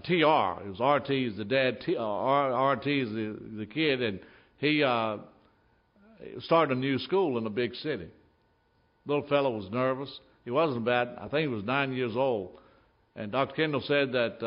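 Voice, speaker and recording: A man's voice: mid-range voice, lo-fi sound. Man preaching an emphatic story sermon. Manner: emphatic storytelling, acting out scenes. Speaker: pastor. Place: church.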